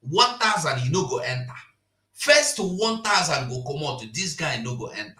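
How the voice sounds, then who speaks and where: A man's voice: fairly high pitch, sing-song, normal speed, pushed and bright. A man with a Nigerian accent giving impassioned political commentary, switching into Pidgin and laughing as he talks. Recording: roomy echo.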